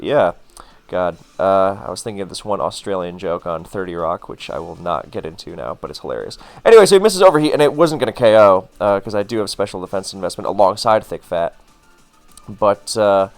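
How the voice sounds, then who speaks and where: A man casually commenting on his own game, rambling into wry asides with plenty of fillers. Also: fairly low pitch. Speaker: gaming commentator.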